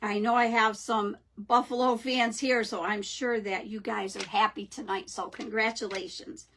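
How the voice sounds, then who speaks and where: A woman's voice: mid-range voice, fairly even intonation, moderate pace, a bit bright, a little hiss or hum. A middle-aged woman hosting a live craft stream, chatting casually and greeting viewers by name.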